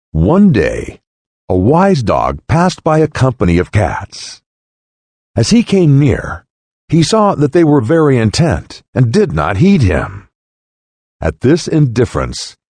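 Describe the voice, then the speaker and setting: A man reading parables aloud in a solemn, deliberate storytelling voice. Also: darkish tone, husky, dry recording. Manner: solemn, deliberate, with wide swings in pitch. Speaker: narrator. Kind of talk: slow dramatic reading of parables.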